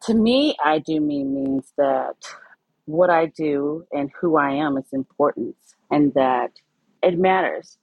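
Low-voiced, soft-spoken woman co-host. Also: animated, slow pace, husky, no echo, narrow, tinny audio. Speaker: podcast co-host. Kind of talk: casual podcast chat.

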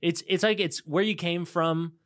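A man's voice: high voice, fairly even intonation, moderate pace, dry recording, clean studio sound. A man from Montreal hosting a podcast, ranting bluntly and swearing freely in casual chat. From Montreal, Canada. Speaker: podcast host.

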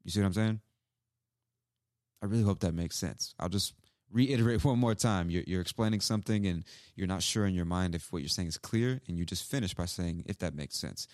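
A man's voice: low-pitched, brisk, darkish tone, dry recording, clean studio sound. A man who hosts an English-learning podcast, explaining phrases casually and repeating examples. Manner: casual, repeats examples, acts out sample lines. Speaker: English teacher, podcast host.

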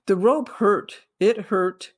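A woman's voice: medium pitch, takes it slowly, no echo, studio quality. A middle-aged woman telling her own story as a podcast guest, earnest and vivid, acting out what people said. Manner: earnest, vivid retelling with acted-out quotes. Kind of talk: personal storytelling.

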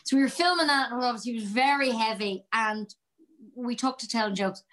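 A woman's voice: fairly high pitch, brisk, fairly bright tone, poor audio. An Irish woman, an actress being interviewed, talking about comedy in an exuberant, chatty way and telling a long joke. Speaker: guest actress. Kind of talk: casual interview chat.

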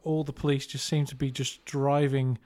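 A man's voice: mid-range voice, flat delivery, normal speed, darkish tone. A man co-hosting a casual movie podcast, with a playful, wry manner. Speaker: podcast co-host. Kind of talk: casual chat.

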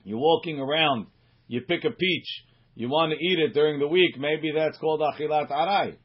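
A man teaching a Talmud class as a rabbi, reading Aramaic phrases slowly and then explaining them in quick English. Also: fairly high pitch, husky. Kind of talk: Talmud study lesson reading and translating. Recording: muffled lo-fi recording.

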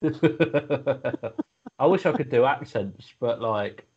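A man's voice: medium pitch, expressive, very slow, breathy edge, lo-fi sound. A male radio co-host joking around and riffing on ideas in casual chat.

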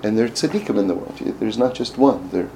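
Halting, mellow-voiced male teacher. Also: fairly low pitch, lively intonation, slight background noise, poor audio. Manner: halting, frequent restarts and fillers. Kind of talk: storytelling lesson.

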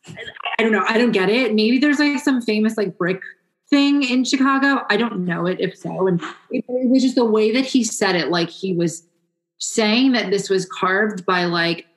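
A woman's voice: a little high, moderate pace, poor audio. A young woman co-hosting a casual podcast, swearing and laughing as she tells stories. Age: young adult. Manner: laughing, profane, animated storytelling. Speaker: podcast co-host. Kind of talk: casual chat.

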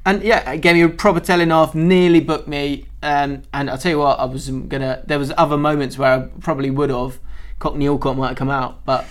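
A man hosting a casual football podcast, telling stories and acting out quotes with lively energy. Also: fairly high pitch, brisk, hardly any pauses. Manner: animated storyteller, acts out quotes. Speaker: podcast host.

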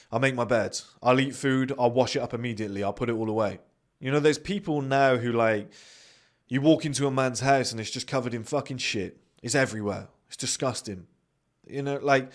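Blunt, swearing man ranting. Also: medium pitch. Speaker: podcast host. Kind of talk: monologue.

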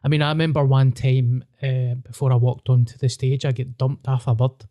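Blunt Glaswegian man, mellow voice. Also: medium pitch, level tone, fairly quick. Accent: Glaswegian Scottish. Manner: blunt, swearing, self-mocking storyteller. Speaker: podcast host and stand-up comedian. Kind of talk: casual podcast chat.

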